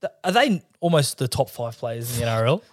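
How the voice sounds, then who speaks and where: An Australian man co-hosting a casual sports podcast, telling stories with lively acted-out quotes. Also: mid-range voice, brisk. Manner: animated storyteller, acts out quotes. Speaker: podcast co-host. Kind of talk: casual chat.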